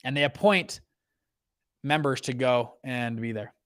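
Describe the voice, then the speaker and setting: A man in his thirties, the host, giving a casual rant about economics, lively and full of restarts and acted quotes. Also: medium pitch, unhurried, clean tone. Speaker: host, fund manager.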